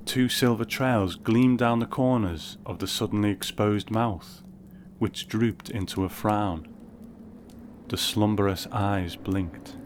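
A man narrating a first-person story in a measured, wry way. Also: lowish voice, slight background noise.

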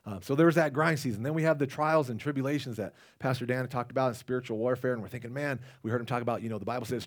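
A man's voice: mid-range voice, very fast, few pauses. A man preaching a casual, conversational sermon, rambling with restarts and asides to the congregation. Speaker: lay preacher.

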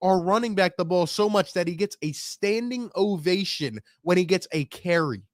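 Fresh off his team's loss, a young man who streams as a sports fan rants at his chat, throwing out one rhetorical question after another. His high voice has lively intonation and a normal pace, recorded clean in the studio with no room sound.

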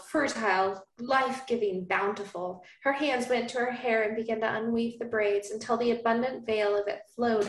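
A woman hosting a podcast, reading a romance novel aloud in a hushed, dramatic cadence. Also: mid-range voice. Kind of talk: dramatic reading with joking asides. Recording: roomy, echoey room.

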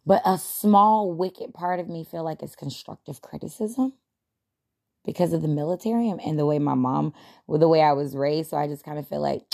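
A woman's voice: sits low, moderate pace, vocal fry, a little mellow. A young adult woman hosting a podcast, talking casually and reflectively, chatty and self-deprecating with frequent laughs. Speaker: podcast host.

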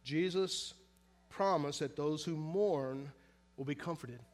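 A man preaching a sermon in earnest, pressing hard on some phrases and drawing others out softly and slowly, often asking his listeners direct questions. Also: fairly high pitch. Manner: earnest preaching, shifts between loud emphasis and soft, slow, drawn-out phrases. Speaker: pastor.

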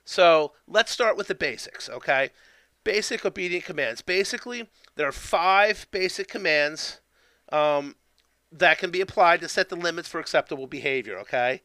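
A man teaches obedience basics in a casual, rambling way, stopping after each point to ask "okay?". His voice is bright and crisp and pitched a little high. The recording is dry, with no room sound. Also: lively intonation, normal speed, no echo. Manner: keeps tagging sentences with "okay?"; loose, conversational, with fillers and restarts. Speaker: dog training instructor. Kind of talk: instructional talk.

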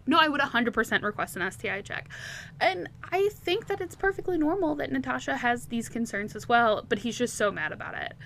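Chatty woman recapping a book, slightly high. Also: fairly bright tone, slight background noise. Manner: chatty and candid, laughs often. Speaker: podcast host.

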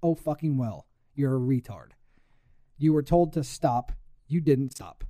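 A man's voice: medium pitch, expressive, unhurried, warm tone, no room sound, studio quality. A young man ranting heatedly with lots of swearing in a casual chat.

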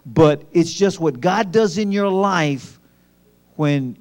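A man sharing ministry stories in an animated way, repeating phrases for emphasis. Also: on the high side, takes it slowly. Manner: lively, repeats words for emphasis. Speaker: pastor. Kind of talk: animated storytelling.

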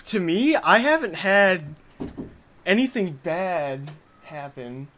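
A young man co-hosting a casual podcast, talking hesitantly and trailing off quietly. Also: sits high, big pitch swings, slow pace, a little hiss or hum. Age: young adult. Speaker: podcast co-host. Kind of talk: casual chat.

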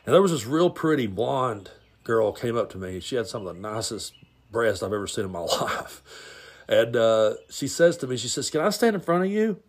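A man's voice: fairly low pitch, expressive, moderate pace, slightly rough. Blunt man rambling through a story. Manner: blunt, rambling, stumbles and repeats words. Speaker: podcast host. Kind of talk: casual storytelling monologue.

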